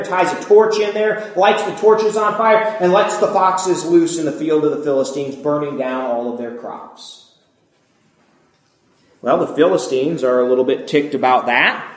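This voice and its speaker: A man preaching a sermon, retelling a scripture story in a lively way and acting out the characters' lines. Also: a little high, echoey room. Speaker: pastor.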